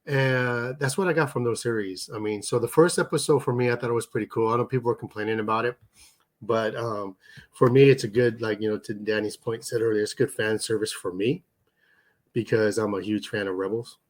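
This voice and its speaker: A man's voice: on the low side, steady tone, fairly quick. A man co-hosting a podcast, talking in an easygoing way as a fan. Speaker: podcast co-host. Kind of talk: casual chat.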